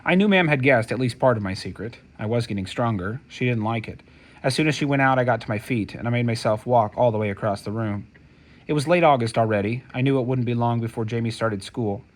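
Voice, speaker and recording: Man narrating an audiobook, steady. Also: medium pitch. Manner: steady, measured first-person storytelling.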